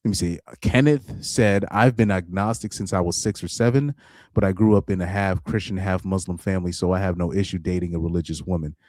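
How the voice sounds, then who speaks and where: This is a man doing casual livestream commentary. His voice is low and deep, with a villainous edge he jokes about himself. He drifts between laughs and half-finished thoughts, recorded close and dry. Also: a little fast, darkish tone, no echo. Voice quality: deep voice he calls super villain-like. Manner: laid-back, laughs often, trails off and restarts. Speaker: reaction streamer.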